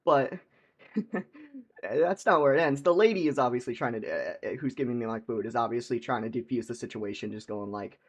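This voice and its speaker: Husky young man rambling through a story. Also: medium pitch, expressive, a little fast. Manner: rambling, heavy use of "like", laughs, repeats words. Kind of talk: casual storytime vlog.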